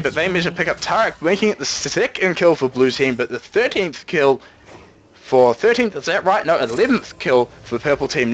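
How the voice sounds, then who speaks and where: Young male esports caster, higher voice, jokey and rambling, dull lo-fi mic. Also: husky. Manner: jokey, rambling, pitch leaps up when excited. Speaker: game commentator. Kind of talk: solo esports play-by-play commentary.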